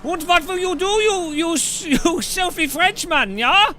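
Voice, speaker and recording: A man's voice: very high voice, lively intonation, measured pace, bright, forceful tone, a little hiss or hum, pitched above the performer's own voice, heavily acted. A man putting on a gloating mock-German boss.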